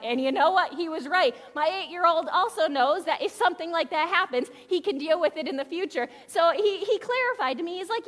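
A woman's voice: extremely high pitch, lively intonation, moderate pace, few pauses, fairly bright tone. A woman in her thirties giving a sermon in a church, telling stories in a candid, chatty, self-deprecating way. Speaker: pastor. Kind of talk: conversational sermon. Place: church sanctuary. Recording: reverberant church hall.

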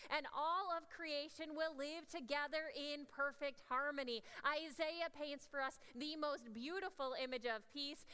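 Woman pastor, high bright voice, earnest sermon, long church reverb. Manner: earnest, swings between hushed and emphatic. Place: church sanctuary.

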